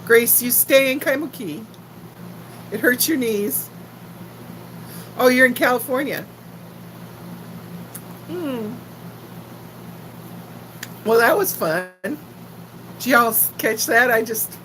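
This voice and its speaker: Casting: chatty older woman, faint Texan accent, slow easy delivery, slightly high voice, light room noise. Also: animated, fairly bright tone, low-quality recording. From Texas. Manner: chatty, giggly, talks straight to viewers. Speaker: livestream host chatting with viewers. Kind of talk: casual live chat.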